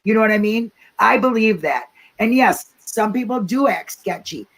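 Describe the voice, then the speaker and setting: A woman's voice: medium pitch, animated, normal speed, fairly bright tone, poor audio. A woman hosting a casual talk-show discussion, talking emphatically, repeating herself and often asking "you know what I mean?".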